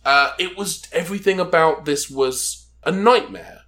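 A man's voice: on the high side, unhurried, bright, forceful tone. Man, podcast co-host, sarcastic, rambling, casual comedy chat. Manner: wry, sarcastic, rambling with restarts.

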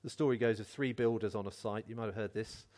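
A man with a lowish voice preaches a sermon at a quick pace, earnest and encouraging. He tells stories animatedly, acting out the different voices.

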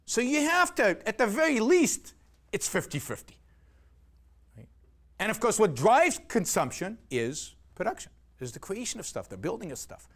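A man's voice: sits high, very animated, moderate pace, a bit bright. A man giving an argumentative lecture, emphatic and sarcastic, peppering his points with rhetorical questions and "right?".

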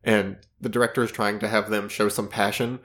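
A man's voice: fairly low pitch, flat delivery, brisk, fairly bright tone. A man co-hosting a casual podcast, rambling through his thoughts with many fillers and restarts. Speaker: podcast co-host discussing comics. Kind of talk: casual chat.

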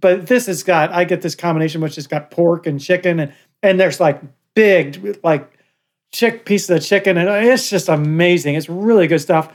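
An older man co-hosting a podcast with his son, telling stories in a joking, animated way. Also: high voice, moderate pace. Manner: joking, animated, laughs often. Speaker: podcast co-host. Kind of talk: casual podcast chat.

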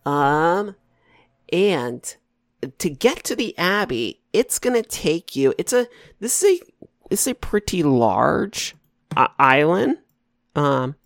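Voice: medium pitch, creaky, no room sound, clean studio sound. A game master narrating a tabletop game, often restarting sentences as the thoughts come. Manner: halting, restarts, quick asides.

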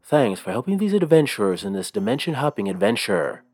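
A podcast host giving a relaxed, chatty introduction and thanking his supporters. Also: fairly low pitch, a little fast, husky, no echo, faint music behind.

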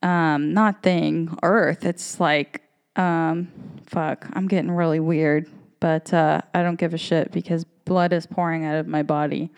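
A woman's voice: deep voice, fairly even intonation, measured pace, clear, resonant tone. Candid, rambling woman in her thirties. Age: 30s. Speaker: podcast host. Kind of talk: casual monologue.

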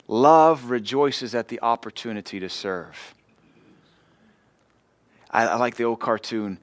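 A man's voice: medium pitch, no echo. A man preaching a sermon as pastor, folksy and joking, acting out little quotes as he goes.

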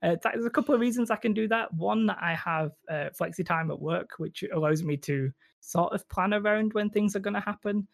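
A man's voice: high-pitched, brisk, vocal fry, few pauses, no room sound. A man with a Northern English accent, chatting casually as a podcast guest in a rambling, self-deprecating way. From Northern England. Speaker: guest YouTuber.

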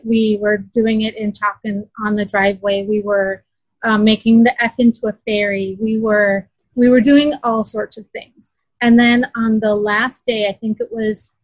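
A woman's voice: fairly high pitch, no echo, rough recording. A woman in a casual interview, earnestly telling how her daughter struggled, with many fillers and restarts. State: close to tears. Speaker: parent describing her daughter's learning.

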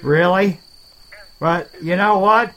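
A man voicing a rambling, self-deprecating alligator in a swamp, talking in halting starts in a comedy dialogue. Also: high-pitched, bright, forceful tone, exaggerated voice, poor audio. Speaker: main character of a comedy podcast.

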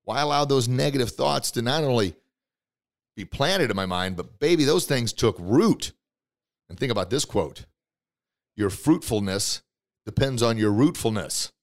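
A man hosting a motivational podcast, coaching listeners directly with excitement and bursts of emphatic shouting. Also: medium pitch, moderate pace. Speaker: podcast host.

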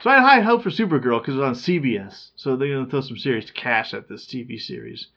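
Man, casual chat, rambling, chatty, mid-pitched voice, dull lo-fi sound. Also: animated, quick pace, vocal fry. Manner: chatty, rambling, laughs at his own stories.

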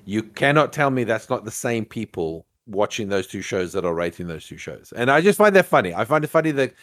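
A man's voice: lowish voice, fairly quick. Chatty man with lots of fillers. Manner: animated, many fillers and restarts. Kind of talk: casual chat.

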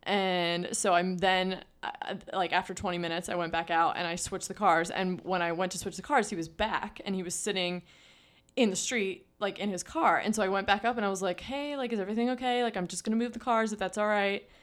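A woman's voice: medium pitch, steady tone, fairly quick, a bit bright. A young woman co-hosting a podcast, telling a story in casual chat, full of "like" fillers. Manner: chatty storytelling with many "like" fillers. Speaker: podcast co-host.

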